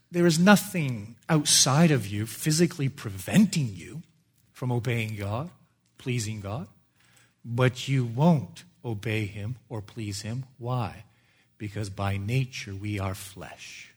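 A male pastor delivering a sermon to a live congregation, emphatic, swinging between loud stresses and hushed asides. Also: medium pitch, husky.

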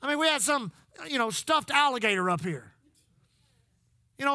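High, bright-voiced preacher. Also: male voice, sing-song, moderate pace, long pauses, no room sound. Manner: folksy storytelling preacher, calls out to the congregation. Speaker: pastor. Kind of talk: sermon.

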